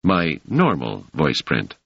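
Reader doing a calm defiant outsider guy, husky, a bit lo-fi. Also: rumbling low, slow, no room sound, exaggerated voice. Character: calm, defiant male traveler facing thugs. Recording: dry, slightly muffled lo-fi audio.

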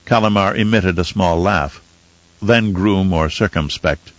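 A man narrating an audiobook in a steady storytelling manner, in a dull, dry recording. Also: low-pitched, measured pace, no echo.

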